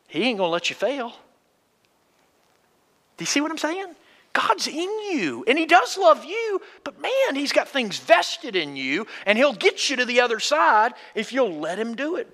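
A man preaching a sermon with a high, bright voice that swings widely in pitch. He talks in a folksy way and keeps asking his listeners questions, and his voice rings out with a long hall reverb. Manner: folksy, asks the congregation questions.

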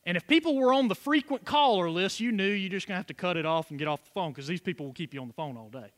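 A man's voice: sits high, expressive, fast talker, fairly bright tone. A man preaching a sermon as pastor, with call-and-response asides to the congregation.

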